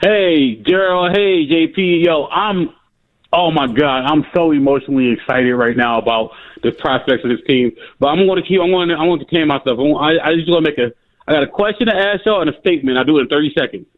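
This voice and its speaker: A man calling into a sports radio show, hyped up and excitable about his team. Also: a little high, a little fast. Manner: hyped, excitable, apologetic fan. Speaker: caller. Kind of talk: sports talk radio call. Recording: tinny phone line.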